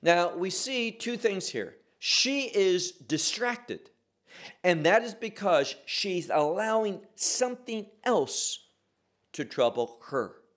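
A man teaching a sermon on a Bible passage, asking rhetorical questions and answering them, slowing and dropping his voice to stress key words. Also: big pitch swings, fairly bright tone. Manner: slows and drops pitch to stress key words.

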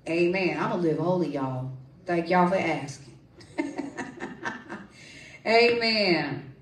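A woman preaching a lively sermon with testimony and prayer, calling out to her congregation and coaxing responses. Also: lowish voice, slow pace, distant mic. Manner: lively, call-and-response, folksy. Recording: echoey room, voice from off-mic.

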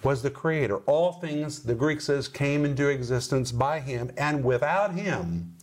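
A middle-aged man with an ordinary mid-range voice hosts a Bible-teaching broadcast. He teaches with emphasis, slowing down and leaning on key words. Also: medium pitch, expressive. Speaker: Bible teacher and program host.

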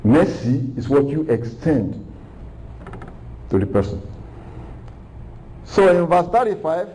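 Mellow-voiced man preaching earnestly. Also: on the high side, low-quality recording. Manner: earnest, repetitive, rhetorical questions. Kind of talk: recorded sermon.

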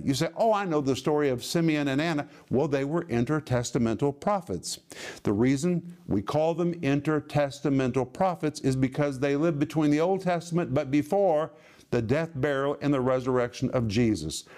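A man preaching a teaching sermon, reading scripture slowly and stressing words with emphasis. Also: on the high side, darkish tone. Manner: slow emphatic Bible reading, stretched words.

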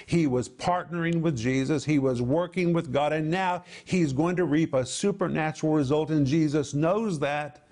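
A man's voice: on the high side, a little mellow. Emphatic man teaching from the Bible. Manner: emphatic, drawn-out stresses on key words, explaining Greek word meanings.

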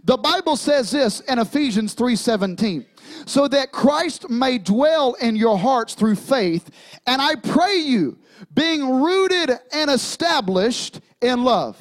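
Man preaching, high voice, unhurried, jokes then drives points home. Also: animated. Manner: preaching with humor and emphatic repetition. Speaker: pastor. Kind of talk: sermon. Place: church sanctuary.

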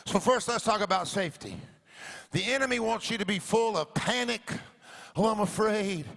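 Woman pastor, church sermon, gravelly and bright, sing-song call-and-response preaching. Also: mid-range voice, brisk. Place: church sanctuary.

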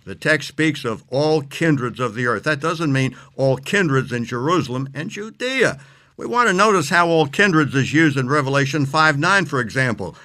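A man teaching on scripture as an interview guest, speaking emphatically and reading verses slowly. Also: fairly high pitch, animated, sharp tone.

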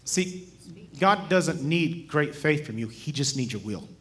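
A man as guest preacher, telling stories in a sermon in a lively, humorous way and chuckling as he speaks. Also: fairly high pitch, unhurried. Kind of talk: sermon with storytelling.

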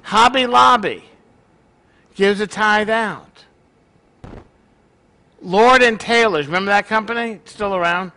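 A man's voice: high-pitched, measured pace, pauses often, sharp tone. A male pastor preaching a sermon in a joking, conversational way to his congregation.

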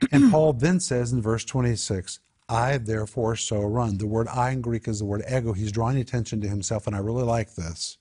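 A man's voice: medium pitch, warm tone, husky. A man teaching a Bible study in an emphatic way, repeating his key phrases.

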